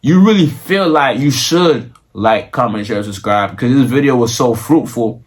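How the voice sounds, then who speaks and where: A man's voice: mid-range voice, animated. Young man ranting in slangy talk. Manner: slangy, profane, repetitive and rambling; slows into mock-grand preaching toward the end. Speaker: vlogger. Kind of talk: casual talk to camera.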